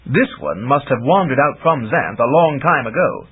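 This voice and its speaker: Animated male audiobook narrator, husky tone, lo-fi phone-band sound. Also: medium pitch, normal speed, few pauses. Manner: animated storytelling. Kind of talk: scripted narration. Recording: tinny lo-fi audiobook recording.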